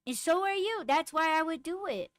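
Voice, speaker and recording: A woman hosting a podcast, chatting casually and bluntly with lots of swearing, getting raised and animated when riled. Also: very high-pitched, normal speed, no room sound, clean studio sound. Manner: blunt, profane storytelling. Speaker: podcast host. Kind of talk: casual chat with live comments.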